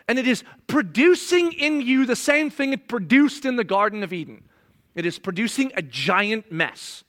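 A middle-aged man preaches with a high, bright, forceful voice. He talks in an animated way and slips into sarcastic mock voices when he reads aloud. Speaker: pastor. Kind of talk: sermon.

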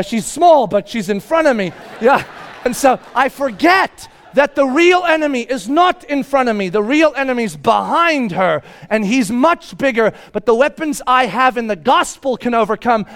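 A middle-aged man preaching a sermon, telling a family story and acting out his own shouting. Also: very high voice, clean tone. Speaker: pastor.

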